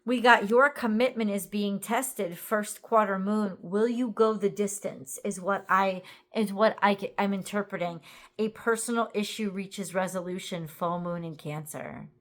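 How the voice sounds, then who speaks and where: Woman, tarot reader, tired and yawning, meandering and thinking out loud, everyday voice. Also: mid-range voice, fairly even intonation, measured pace. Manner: rambling, thinking aloud with many fillers. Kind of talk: casual tarot reading to camera.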